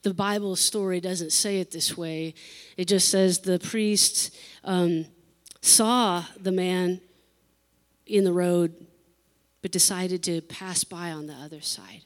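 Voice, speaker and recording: A woman's voice: on the low side, fairly even intonation, slow. A woman pastor preaching an emotional sermon, repeating phrases for emphasis and laughing between lines.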